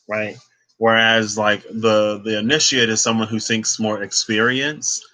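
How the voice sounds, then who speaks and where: Bright-voiced man rambling through a tarot reading. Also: fairly low pitch. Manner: rambling, restarts phrases, thinks aloud. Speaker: tarot reader. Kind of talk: casual spoken tarot reading.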